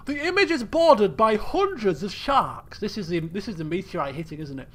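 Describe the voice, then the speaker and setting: A man streaming a game, telling stories in casual, animated, exclamatory chat with some swearing. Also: high-pitched, normal speed.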